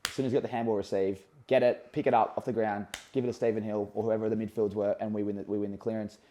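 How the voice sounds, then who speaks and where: A man's voice: lowish voice, little pitch movement, quick pace, mellow. An Australian man hosting a casual interview, chatting in long rambling questions and friendly banter. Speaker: podcast host, former footballer.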